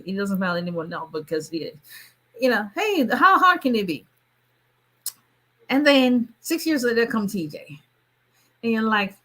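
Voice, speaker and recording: An immigration lawyer from Nigeria, middle-aged with a mid-range voice, chats informally on a live stream. She's fast-talking, animated, and often breaks into laughter.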